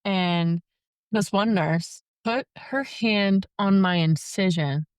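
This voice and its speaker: A woman's voice: lowish voice, no echo, studio quality. A young woman telling her story as a podcast guest in casual chat, full of "like" fillers. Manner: chatty, many "like" fillers.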